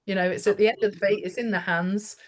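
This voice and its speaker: Animated woman therapist telling stories. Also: mid-range voice, quick pace. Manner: animated storyteller, acts out quotes. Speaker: guest therapist. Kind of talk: podcast interview.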